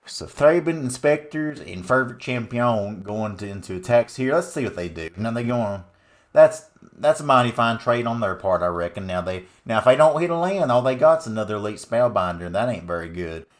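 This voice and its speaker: A man's voice: medium pitch, animated, normal speed, lightly acted. A man putting on a rowdy, folksy Southern good ol' boy voice with an American Southern drawl, hollering his way through game commentary. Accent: American Southern (put on). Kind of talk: exaggerated character voice during game commentary.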